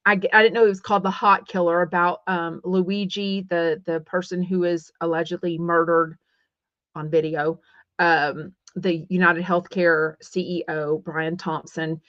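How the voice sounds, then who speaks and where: A woman's voice: lowish voice, fairly bright tone, no echo. Chatty Texan woman, dull dry sound. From Texas. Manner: chatty and rambling, many fillers and restarts. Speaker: podcast host. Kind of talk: casual livestream chat.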